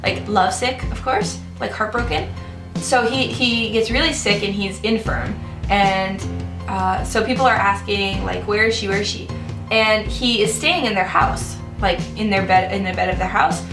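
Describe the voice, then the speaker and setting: A woman's voice: medium pitch, steady tone, normal speed. A young woman casually reviewing a book and retelling a fairytale in a loose, chatty way full of "like" and "um". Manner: chatty, loose, many fillers like "like" and "um". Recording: roomy room with music in the background.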